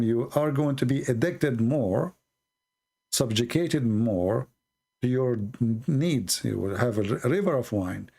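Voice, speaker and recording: Slow-preaching man, gravelly voice. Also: medium pitch, a little mellow. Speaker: Christian apologist answering a caller. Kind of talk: earnest religious explanation.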